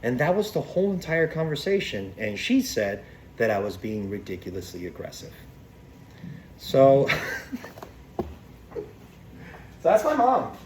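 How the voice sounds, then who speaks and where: Casual vlogger, profane rambling storyteller, mid-pitched man. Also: huge pitch swings, measured pace, long pauses, a little mellow, a little hiss or hum.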